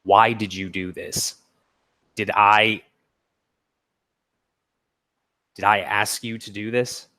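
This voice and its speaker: A man voicing a slow, halting armored construct. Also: lowish voice, steady tone, pushed and bright. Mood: pained. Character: confused, grave armored construct, genderless.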